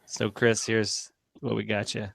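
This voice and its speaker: A man's voice: fairly low pitch, level tone, measured pace, vocal fry, a bit bright, dry recording, clean studio sound. A male podcast host talking casually and laid-back, with the odd swear word. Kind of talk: casual chat.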